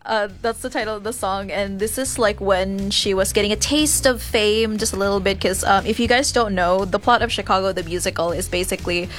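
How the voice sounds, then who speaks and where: A woman's voice: mid-range voice, brisk, hardly any pauses, soft background music. A woman co-hosting a radio show in casual chat, giggling and filling her talk with "like" and "um". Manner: chatty, giggly, lots of fillers.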